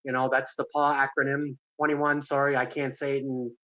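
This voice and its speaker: A man's voice: mid-range voice, flat delivery, a little fast, bright, forceful tone, dry recording, rough recording. A man speaking in a casual live audio chat, enthusiastic and apologetic, often restarting and repeating words. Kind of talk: casual rambling community chat.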